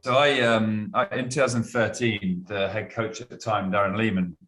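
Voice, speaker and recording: Brief: male guest, low voice, relaxed anecdotal chat, roomy echoing sound. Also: normal speed. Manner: chatty, laughs through anecdotes. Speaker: guest cricketer. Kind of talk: casual storytelling. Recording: roomy echo.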